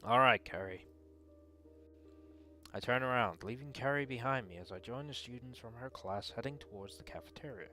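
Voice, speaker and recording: A man reading a visual novel aloud in earnest first-person narration. His voice sits at an ordinary pitch for a man, and faint music plays under it. He breaks off now and then for dry asides. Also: fast talker, few pauses, bright, forceful tone. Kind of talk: dramatic read-aloud narration.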